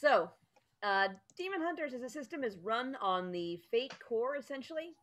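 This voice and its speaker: A woman's voice: fairly high pitch, sing-song, normal speed, a bit bright. A woman running a tabletop game as game master, explaining the rules in a chatty way with lots of ums.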